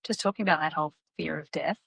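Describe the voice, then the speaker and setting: A woman hosting a podcast interview, a former paramedic asking gentle questions with supportive replies. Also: sits low, quick pace, vocal fry, husky, no room sound. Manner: supportive, short encouraging replies. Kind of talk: casual interview.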